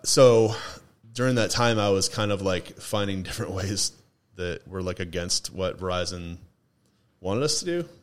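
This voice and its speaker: A man from Toledo, Ohio, joins a podcast as a guest for casual chat, rambling with restarts and laughter. His voice sits low and moves at a normal speed, recorded indoors during a session with drinks.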